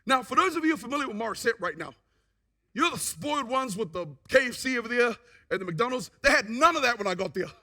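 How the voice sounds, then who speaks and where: Testimony speaker: man, very high and bright voice, lively storyteller. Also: quick pace. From New Zealand. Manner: animated storyteller who acts out what people said. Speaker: guest speaker giving a testimony.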